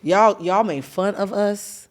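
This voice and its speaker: A woman hosting a podcast in casual chat, animated and laughing, acting out bits of dialogue with plenty of swearing. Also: medium pitch, takes it slowly. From Haitian-Cuban family. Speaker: podcast host.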